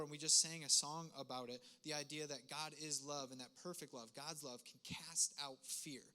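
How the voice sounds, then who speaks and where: Earnest, conversational pastor with a bright voice. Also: male voice, on the high side. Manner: conversational, earnest, frequent restarts and asides. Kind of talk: sermon. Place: church sanctuary.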